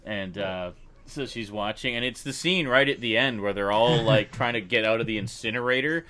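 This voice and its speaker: Livestream host, male, low voice, lively storyteller who laughs a lot. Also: normal speed. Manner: animated storyteller, laughs often. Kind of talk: casual chat.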